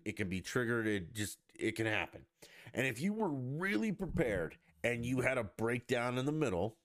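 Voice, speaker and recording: A man's voice: medium pitch, a bit bright, no echo. Guy ranting on his podcast, swears a lot, mocking tone, voice jumps all over, dry mic. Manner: blunt, profane, mocking. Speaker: podcast host. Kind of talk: casual ranting monologue.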